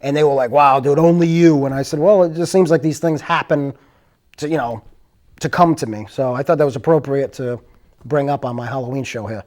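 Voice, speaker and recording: A man's voice: mid-range voice, brisk, darkish tone. A man hosting his own show, telling spooky stories in a rambling, earnest, conversational way. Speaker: host. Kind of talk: casual storytelling.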